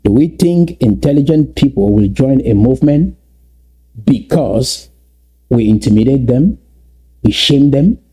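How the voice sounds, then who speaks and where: A man delivers a fervent address to his community, leaning on repetition and rhetorical questions. His voice is very dark and mellow, with a husky edge. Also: mid-range voice, lively intonation, unhurried. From Southern Cameroons. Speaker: political speaker.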